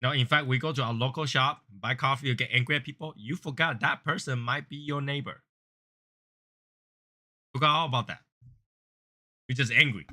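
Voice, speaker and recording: At a moderate pace with frequent pauses, a man who hosts a cigar review channel talks casually and earnestly. He wanders and repeats himself, and he goes louder and higher when playing angry callers.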